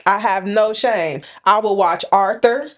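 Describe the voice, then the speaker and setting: A woman's voice: mid-range voice, measured pace, fairly bright tone. A woman in her thirties co-hosting a podcast in casual chat, telling stories and acting out both sides of conversations. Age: 30s. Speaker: podcast co-host.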